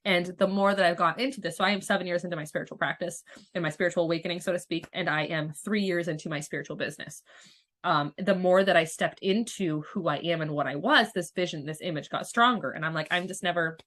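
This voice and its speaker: A woman's voice: on the low side, fast talker, fairly bright tone. A woman in her thirties, a podcast host and spiritual coach, telling her story in a candid, rambling way with lots of swearing and restarts. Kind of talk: casual storytelling monologue.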